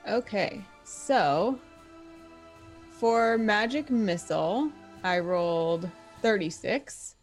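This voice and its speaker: A woman's voice: mid-range voice, expressive, very slow, soft background music. Woman player thinking aloud over spells. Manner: thinks aloud, reads rules out. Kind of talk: casual tabletop game chat.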